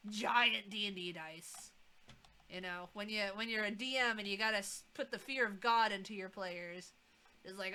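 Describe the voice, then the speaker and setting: Bright-voiced woman streamer, wry asides. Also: medium pitch, normal speed, clear, resonant tone. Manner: wry, chatty asides while reading game text. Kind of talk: casual gameplay commentary.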